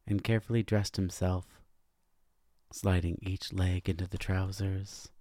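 A man narrating a dark fantasy story in a measured, deliberate scripted reading. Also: low-pitched, creaky, no room sound, studio quality.

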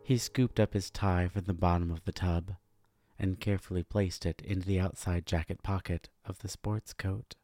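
A man narrating a dark fantasy story in a measured, deliberate scripted reading. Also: deep voice, steady tone, soft background music.

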